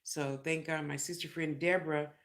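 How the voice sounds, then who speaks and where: A woman vlogging in a casual, chatty way, telling a long personal story with lots of asides and lively retellings. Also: normal speed. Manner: chatty, animated, acts out others' lines in a high squeal.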